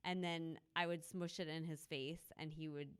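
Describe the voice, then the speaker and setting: A low-pitched woman with a smooth, resonant voice chats casually as a podcast co-host. She rambles through stories and laughs often. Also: steady tone, moderate pace. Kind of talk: casual chat. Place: live show in a loft venue.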